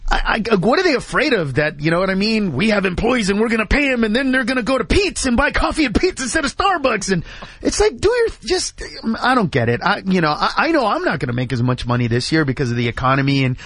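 A man in casual radio studio chat, telling animated stories and acting out the people in them. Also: high voice, quick pace, no echo. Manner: animated storyteller, acts out quoted voices.

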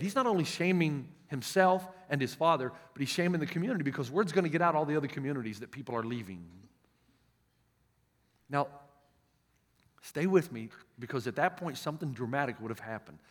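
A male pastor with a Southern US accent preaching a sermon, telling stories emphatically and often restarting his words. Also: a little high. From United States. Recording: long reverb of a large hall.

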